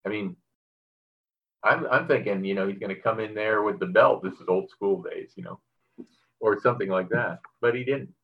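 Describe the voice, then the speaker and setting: Brief: middle-aged male pastor, husky low voice, chatty sermon delivery, slightly dull recording. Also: moderate pace. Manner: conversational, with fillers and frequent "right?". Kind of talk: sermon with scripture reading and personal story.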